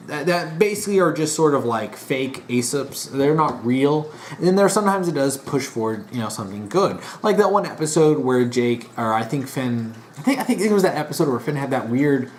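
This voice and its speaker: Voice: medium pitch, a little hiss or hum. A vlogger in a casual monologue, rambling with restarts and sounding exasperated and disappointed. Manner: rambling, frequent restarts and fillers.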